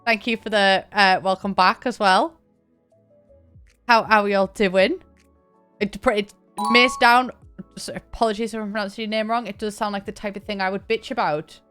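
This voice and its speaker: Chatty woman streamer, smooth voice. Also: mid-range voice, steady tone, moderate pace, a bit bright, soft background music. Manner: chatty, thanks viewers by name, laughs often. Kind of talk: casual live-stream chat. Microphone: desk mic, camera on.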